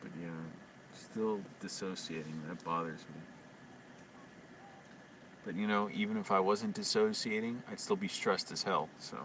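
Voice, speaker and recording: A man rambling through a late-night livestream monologue, talking quietly and anxiously to himself with frequent restarts. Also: low voice, measured pace, pauses often. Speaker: live streamer. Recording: distant mic with constant hum.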